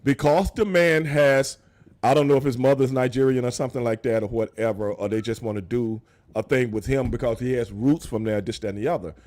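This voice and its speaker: A man hosting a casual wrestling talk show, loud and animated, laughing and swearing often. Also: mid-range voice, fairly quick. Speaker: show host.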